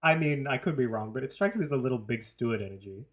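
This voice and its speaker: A man's voice: medium pitch, expressive, quick pace. A man co-hosting a podcast, chatting casually with wry, dry asides. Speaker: podcast co-host. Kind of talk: casual chat about reality TV.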